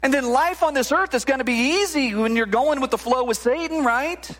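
A male pastor preaches in a lively, conversational way, often restarting his sentences and tossing in quick "right?" asides. His voice sits noticeably high for a man. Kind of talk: sermon.

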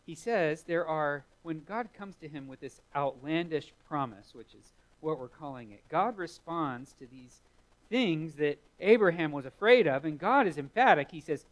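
A man's voice: high-pitched, very animated, moderate pace, poor audio. A man preaching a sermon, retelling a story vividly with rising emphasis. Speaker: pastor.

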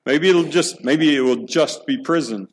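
A middle-aged pastor preaches earnestly and emphatically, posing questions to listeners and often repeating words as he restarts a thought. His voice is on the high side at a normal speed, in a low-quality recording.

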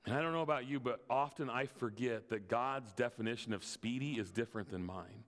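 A male pastor gives a casual, heartfelt sermon, stumbling over his first words and adding light laughs. His voice sits at an ordinary pitch. It rings with the long reverb of a church hall. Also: brisk, few pauses, fairly bright tone. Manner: earnest, repeats words when starting sentences, laughs lightly. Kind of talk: conversational sermon.

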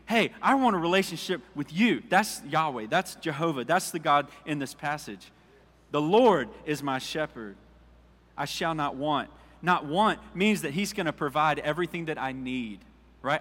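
A male pastor giving a relaxed, conversational sermon, reading scripture aloud and putting questions to his congregation. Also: on the high side, long reverb tail. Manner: informal, asks the congregation questions, jokes.

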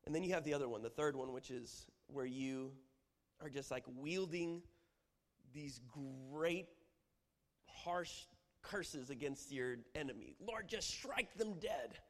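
A man giving a lively, humorous church teaching, acting out prayers as he explains them. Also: mid-range voice, takes it slowly. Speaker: Bible teacher. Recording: long hall reverb.

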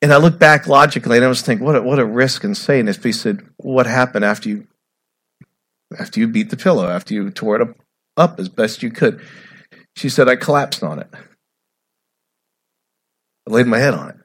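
A man's voice: mid-range voice, a little fast, long pauses, breathy edge. Dramatic male pastor preaching. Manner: dramatic, swings from loud to hushed. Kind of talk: sermon.

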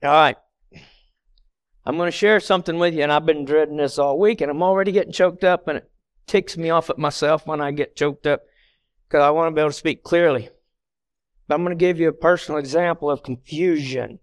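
Middle-aged guy preaching to his church, earnest and plain, bit higher voice, smooth and clear. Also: a little fast, no room sound, studio quality. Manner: earnest, plainspoken, talks to the congregation directly. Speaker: lay church member giving the message. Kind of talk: conversational sermon.

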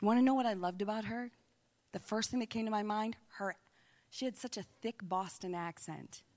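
Woman preaching, lively storyteller, goes quiet and whispery at times, middle pitch. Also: brisk. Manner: animated storytelling, drops into hushed whispers. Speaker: missionary speaker. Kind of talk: sermon.

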